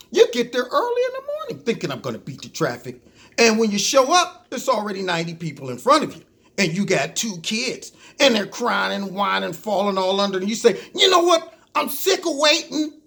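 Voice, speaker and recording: A man hosting his own show, giving ranting political commentary in an animated, mocking way and talking to listeners as "y'all". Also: high-pitched. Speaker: show host.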